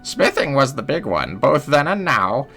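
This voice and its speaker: A man's voice: mid-range voice, sing-song, creaky, fairly bright tone, faint music behind, voice pushed up, exaggerated voice. A man doing a chatty old village woman. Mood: telling history. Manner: slow, lilting storyteller.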